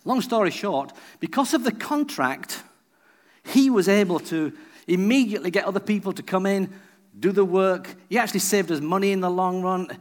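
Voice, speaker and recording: Animated high-voiced preacher. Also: male voice. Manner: storytelling, acts out the people he quotes. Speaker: visiting preacher. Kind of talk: sermon with personal story.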